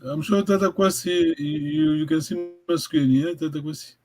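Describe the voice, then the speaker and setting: A man's voice: on the high side, fairly even intonation, moderate pace, mellow, faint music behind, poor audio. A man teaching a language over a video call, encouraging and repetitive, often laughing. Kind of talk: online language lesson.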